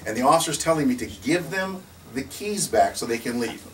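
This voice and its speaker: A man who runs a community security firm, telling a story in an animated way, laughing often and acting out what others said. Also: mid-range voice, a little fast, echoey room. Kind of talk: storytelling in a recorded conversation. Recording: distant mic with faint background noise.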